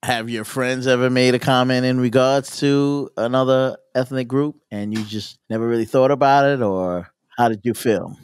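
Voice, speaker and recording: A man hosting a podcast in casual chat, relaxed and laughing often, leaning on "you know". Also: medium pitch, moderate pace, hardly any pauses, clean tone, dry recording. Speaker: podcast host.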